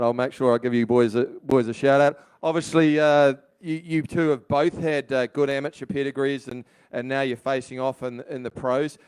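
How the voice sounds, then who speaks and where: A man's voice: mid-range voice, a little mellow, clear, resonant tone. A man interviewing a boxer at a weigh-in, chatty and often restarting his sentences. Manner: chatty, laughing, halting restarts. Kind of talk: casual interview banter.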